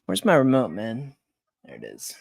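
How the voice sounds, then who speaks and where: Agitated, swearing sports-betting streamer. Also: male voice, on the low side, wildly swooping pitch, moderate pace, creaky, breathy edge, no echo, clean studio sound. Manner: agitated, swearing, repeats words. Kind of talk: late-night live stream rant.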